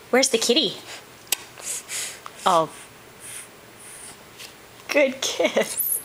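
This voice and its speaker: Slow sing-song mother in baby talk. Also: a little high, expressive, a bit bright, a little hiss or hum. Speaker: parent talking to a toddler. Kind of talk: home video baby talk.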